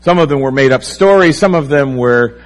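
A man preaching a sermon, with animated, rising and falling emphasis. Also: mid-range voice, moderate pace, poor audio. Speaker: pastor.

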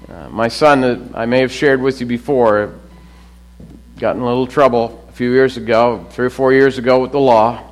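A middle-aged man preaching a sermon, swinging between loud emphatic lines and low hushed drops. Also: moderate pace, rough recording. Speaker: pastor.

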